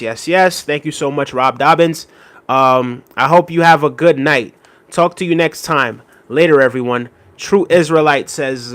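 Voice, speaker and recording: A man hosting a livestream, reading viewer comments aloud with shout-outs and quick apologies, relaxed and repetitive, with many fillers. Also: a little high. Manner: relaxed, repeats phrases, frequent fillers. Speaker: livestream host. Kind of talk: casual livestream chat.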